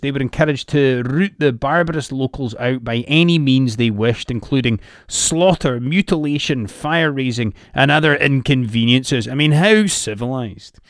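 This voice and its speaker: A man's voice: mid-range voice, no echo, studio quality. A Scottish man narrating history sardonically, full of sweary, sarcastic asides. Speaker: comedic history presenter.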